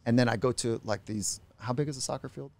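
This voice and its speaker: A middle-aged man, a psychologist guest on a podcast, telling stories in a reflective, unhurried way. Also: mid-range voice, gravelly, a little mellow, a little hiss or hum. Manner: reflective, unhurried, acts out quoted voices. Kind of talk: podcast interview storytelling.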